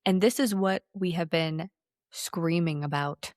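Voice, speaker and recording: A woman in her thirties co-hosting a podcast, talking politics in a sarcastic, animated way with some swearing. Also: lowish voice, a little slow, no echo, studio quality. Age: 30s. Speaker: podcast co-host. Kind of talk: casual political chat.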